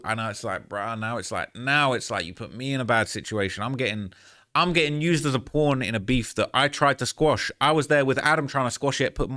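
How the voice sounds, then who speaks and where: A man of medium pitch with a pushed, bright voice recounts a story to camera for his YouTube audience. He rambles candidly, sounding earnest and frustrated, and keeps saying "man" and "bro."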